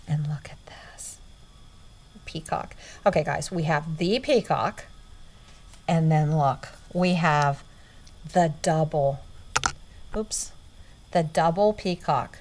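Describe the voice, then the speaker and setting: Excited, hushed middle-aged woman vlogger. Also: low-pitched. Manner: excited, often dropping to a hushed near-whisper. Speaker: vintage reseller showing inventory. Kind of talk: casual vlog chat.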